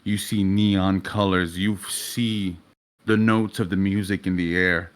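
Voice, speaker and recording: A man's voice: deep voice, little pitch movement, a little slow. A young adult man narrating a tabletop game as game master, in a vivid, casual way with swearing.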